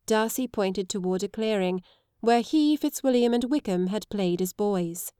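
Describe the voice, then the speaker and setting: A woman narrating a period romance audiobook in a measured storytelling manner. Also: mid-range voice, warm tone, clear, resonant tone, no echo, studio quality.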